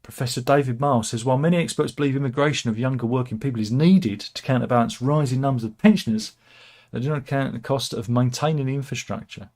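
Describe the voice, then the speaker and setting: A man rambles through the day's headlines in a loose, wry way. He breaks off for asides and corrects himself as he goes. His voice sits at an ordinary middle pitch. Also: fast talker, darkish tone. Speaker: host of a satirical news channel. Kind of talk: casual commentary on news stories.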